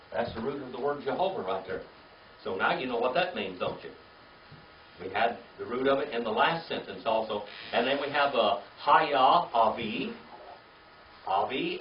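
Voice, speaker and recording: Spelling words out one letter at a time, a mid-range-voiced man has his Bible class repeat after him. The setting is a classroom or church meeting room, captured by a distant mic in an echoey room with dull, lo-fi sound and slight background noise.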